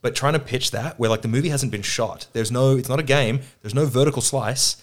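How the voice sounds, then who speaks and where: A man with a mid-range voice speaks a little fast. He's a film producer on a casual podcast, sharing a table with two others, dropping curses freely and voicing quotes dramatically as he tells his stories.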